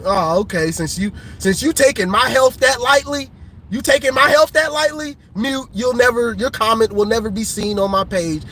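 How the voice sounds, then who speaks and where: A man live-streaming a casual sports rant, teasing rival fans with laughter and drawn-out colloquial talk. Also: very high-pitched, sharp tone, slight background noise.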